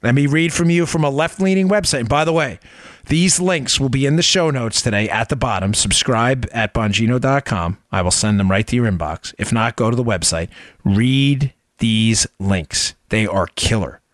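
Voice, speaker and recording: A man's voice: medium pitch, animated, normal speed, no echo, studio quality. A middle-aged man hosting a political commentary podcast, talking in an emphatic, incredulous way and repeating his points for effect. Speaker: podcast host.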